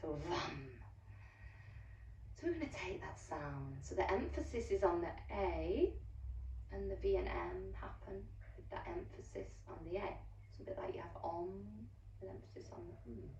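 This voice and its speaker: A woman leads a yoga class in a low voice with a gravelly edge, her cues slow, soft and unhurried. She sounds well away from the microphone, her voice bouncing around a roomy space. The recording is dull and lo-fi, with a faint hiss under it. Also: expressive, far from the mic. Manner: soothing, unhurried cueing with soft drawn-out words. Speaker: yoga teacher. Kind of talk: guided yoga class instruction.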